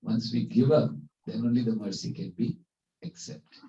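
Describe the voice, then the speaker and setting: Brief: male spiritual teacher, mellow, conversational, echoey hall, distant dull mic. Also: medium pitch, normal speed. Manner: conversational, fillers, story-telling. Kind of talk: devotional class talk with storytelling.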